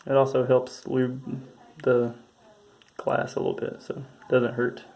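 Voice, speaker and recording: A man giving a casual hands-on tutorial, talking in a halting, mumbling way as he works, recorded on a phone. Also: medium pitch, completely flat delivery, darkish tone. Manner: mumbling, halting, thinking aloud. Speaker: tutorial presenter. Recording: faint background noise from phone recording.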